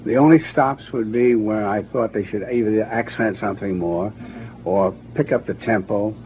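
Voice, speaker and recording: An older man, a cartoon producer and director, telling stories in an interview with a brisk, anecdotal manner. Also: on the low side, fairly even intonation. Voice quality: brisk, anecdotal, acts out quotes. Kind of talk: interview, reminiscing. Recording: dull archival recording with faint hiss.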